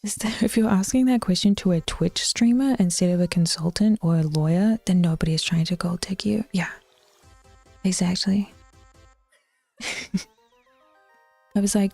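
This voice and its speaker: Slow-talking New Zealand woman streamer. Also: lowish voice, steady tone, dry recording, faint music behind. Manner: drops into soft whispered asides, bluntly teasing, often laughing. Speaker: Twitch streamer. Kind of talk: casual chat with viewers.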